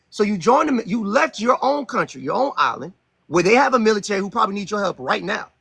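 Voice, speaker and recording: A high-pitched, gravelly man hosts a heated live-stream debate. He talks over his guest and rants loudly, his tone bright and sharp. The sound is dry and close. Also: no echo, low-quality recording. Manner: aggressive, interrupting, loud rants. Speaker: host.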